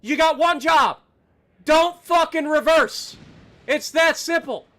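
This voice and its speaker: A livestreamer with a high, sharp voice speaks slowly while giving live gameplay commentary. He angrily rants at teammates, swearing constantly and laying on sarcasm, with asides to the chat.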